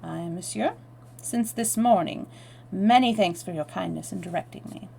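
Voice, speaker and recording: A woman's voice: mid-range voice, moderate pace, gravelly, a little mellow, slight background noise. A woman voicing a foppish foreign stranger with a put-on French accent, polite and evasive.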